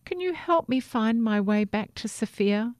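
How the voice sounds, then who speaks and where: A woman voicing a brave, hopeful little male toothbrush in a storybook reading, speaking high, eager and slow. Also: animated, a little mellow, no echo, clean studio sound. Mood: earnest.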